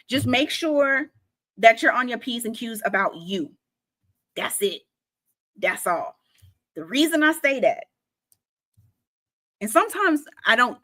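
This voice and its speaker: A woman's voice: on the high side, pushed and bright. Blunt, laughing tarot reader woman. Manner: blunt, swears freely, laughs often, slows to stress advice. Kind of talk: casual tarot reading to camera.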